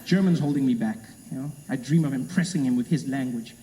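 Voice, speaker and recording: A man's voice: medium pitch, fast talker, slight background noise. A man doing a stand-up routine, telling stories animatedly and slipping into voices. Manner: animated storytelling, slips into voices. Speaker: stand-up comedian. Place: large comedy venue. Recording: echoey hall, live audience.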